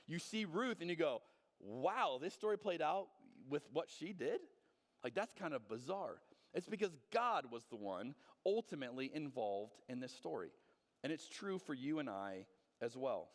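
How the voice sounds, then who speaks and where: A man's voice: fairly high pitch, big pitch swings, moderate pace, big-room sound. A man preaching a sermon as pastor, earnest and conversational, often restarting his words. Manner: earnest, conversational, frequent restarts and stammered repeats. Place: church sanctuary.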